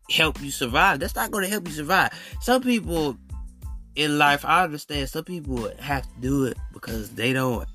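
A man from Alabama, hosting a solo podcast and telling stories in a blunt, animated, slangy way. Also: medium pitch. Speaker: podcast host.

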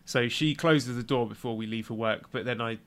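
A man co-hosting a podcast, chatting in a relaxed way and telling fond home stories. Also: medium pitch, fairly quick. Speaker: podcast co-host. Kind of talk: casual chat.

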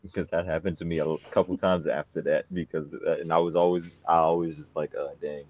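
A young man in casual podcast chat, telling a bragging story and swinging into loud exclaiming. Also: low-pitched, little pitch movement, quick pace, dull audio.

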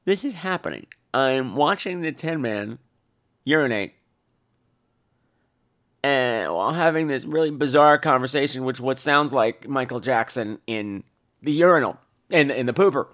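A man hosting a podcast, telling a funny, profane story in an animated way. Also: medium pitch, a little slow, long pauses. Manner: animated, profane, jumps between voices. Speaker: podcast host. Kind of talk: comic storytelling.

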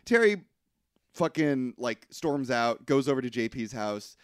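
A man's voice: mid-range voice, unhurried, clean tone, no echo, studio quality. A man co-hosting a podcast, recapping a film in casual chat, swearing freely as he tells the story. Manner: animated storytelling, swearing, mocking voices. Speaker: podcast co-host.

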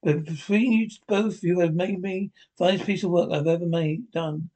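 A man reading as an earnest grown painter devoted to his art, pleading with his friends. The voice is a touch high for a man. It is read close to the reader's own voice. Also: fairly even intonation, normal speed, dark tone, natural voice.

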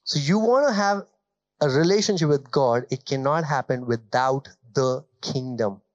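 A man's voice: medium pitch, normal speed, highs cut off. A male pastor delivers a sermon in a conversational way. He poses questions to his listeners and stretches out key phrases for emphasis. His voice is recorded dry, with no room echo.

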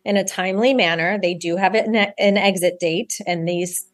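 A woman's voice: on the low side, moderate pace. A woman guest on a podcast, explaining things earnestly and plainly. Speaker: guest, animal rescue founder. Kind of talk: interview guest.

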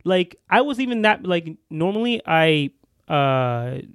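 Young man, podcast co-host, casual storytelling, rambling restarts, slightly high voice, dry close sound. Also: big pitch swings, slow pace, clear, resonant tone, no echo. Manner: rambling with many restarts and fillers.

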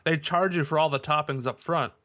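A man with a bright, clear voice co-hosting a podcast. He talks in loose, rambling casual chat, full of fillers, and keeps laughing at the jokes. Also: on the high side, normal speed. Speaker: podcast co-host.

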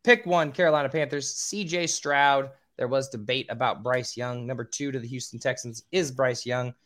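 A man's voice: mid-range voice, fairly even intonation, normal speed, a bit bright. Casual, swearing man hosting a podcast. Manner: casual, swears, stumbles over names. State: squeaky voice. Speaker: podcast host.

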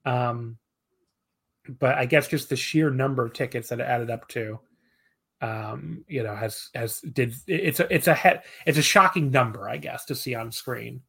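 A man in his thirties chatting as a podcast guest at an ordinary pitch. He rambles in an easygoing, self-deprecating way and hedges his points with lots of fillers. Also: normal speed, creaky, fairly bright tone, husky. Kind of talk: casual podcast chat.

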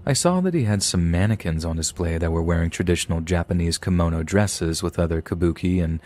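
A man's voice: sits low, fairly quick, a little mellow. A man, a podcast host, reading a scary story aloud with some dry asides.

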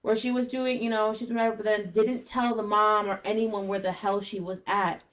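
A woman's voice: medium pitch, level tone, a little fast, fairly bright tone. A young woman co-hosting a podcast in a casual chat, blunt and rambling, swearing freely as she talks. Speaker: podcast co-host.

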